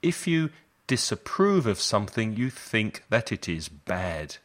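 A man leads a lesson. His voice sits a little low, and he speaks very slowly and deliberately. He repeats short phrases so learners can copy them. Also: big pitch swings, a bit bright. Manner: slow, deliberate repetition for learners. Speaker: English teacher. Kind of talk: slow language lesson drills.

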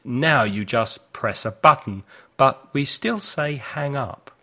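A man leads a repeat-after-me lesson, sounding out each phrase with care. His delivery is slow, and his pitch swings widely to show the class how each line should sound. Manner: clear, deliberate modelling of phrases with lively intonation. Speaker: English teacher.

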